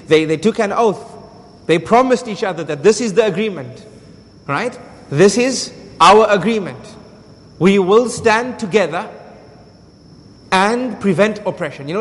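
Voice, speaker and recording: A man's voice: sits high, in a large hall. A man giving a religious lesson as a story, asking rhetorical questions and repeating key phrases. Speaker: Islamic lecturer.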